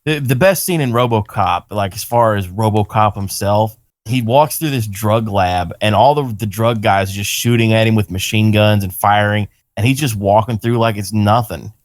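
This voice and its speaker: A man with a somewhat low voice hosts a casual podcast chat. He rambles and curses freely, throwing in mocking quoted lines. The sound is close and dry with no room around it. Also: normal speed, hardly any pauses, dry recording. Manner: rambling, profane, riffs with mock voice quotes. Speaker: podcast host.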